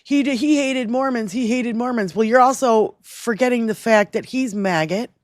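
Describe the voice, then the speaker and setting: A woman's voice: on the high side, moderate pace, no echo, studio quality. Fiery profane woman podcast co-host. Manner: angry, profane, animated ranting. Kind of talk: casual political chat.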